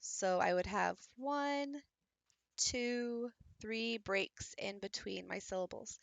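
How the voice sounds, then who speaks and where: A woman's voice: medium pitch, slow, vocal fry, dry recording. A woman teacher patiently explaining, step by step, how to build a classroom visual aid while she works with her hands. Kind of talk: instructional craft tutorial.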